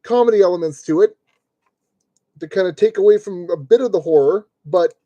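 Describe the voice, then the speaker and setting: A man with a mellow, darker tone keeps up a running commentary while he streams a model kit build. He grumbles at fiddly parts and jokes to himself as he works, in the loose way of a live stream. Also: high-pitched, fairly quick, no echo, highs cut off. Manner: grumbling, joking self-talk while working.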